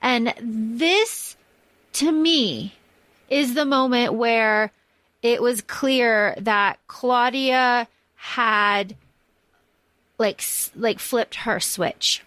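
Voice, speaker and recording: Woman podcast co-host, high voice, enthusiastic and rambling, dry recording. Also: extremely slow, fairly bright tone, dry recording. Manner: rambling, enthusiastic, swears freely. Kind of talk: casual film discussion.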